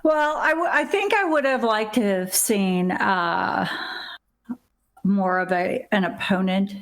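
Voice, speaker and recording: Slow-talking wry woman. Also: medium pitch. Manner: unhurried, wry, chuckling. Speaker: co-host, host's mother. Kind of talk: casual chat.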